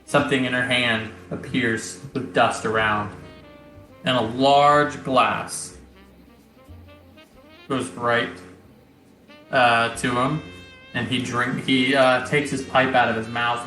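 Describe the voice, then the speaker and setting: A man's voice: medium pitch, flat delivery, bright, forceful tone. Man narrating a tabletop game. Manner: descriptive, halting, many uhs. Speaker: game master. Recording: roomy recording, faint music.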